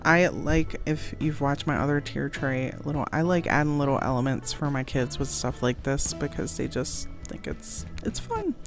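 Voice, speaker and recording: Low-voiced chatty crafting vlogger woman. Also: steady tone, moderate pace, few pauses, music in the background. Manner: chatty, giggly, self-deprecating. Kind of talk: casual voice-over tutorial.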